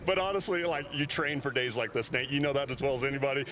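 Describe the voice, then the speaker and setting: A man being interviewed at a snowy mountain top just after his run, out of breath and talking fast and gratefully. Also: mid-range voice, a crowd in the background, rough recording. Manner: fast, excited, grateful talk. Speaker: racer interviewed at the summit. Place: snowy mountain summit outdoors.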